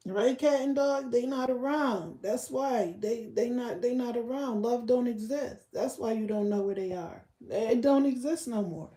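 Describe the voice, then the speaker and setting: A woman's voice: a little high, a little slow, few pauses, warm tone, echoey room. A woman hosting a casual livestream rant in a blunt, profane way, talking straight to her chat viewers. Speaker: livestream host.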